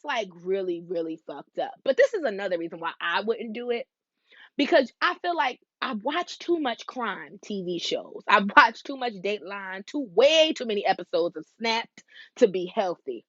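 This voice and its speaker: A woman in her twenties hosting a podcast, telling stories in a casual, animated way, with slang and frequent asides to her listeners. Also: fairly high pitch, no room sound, dull audio. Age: 20s. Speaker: podcast host. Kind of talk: casual solo podcast chat.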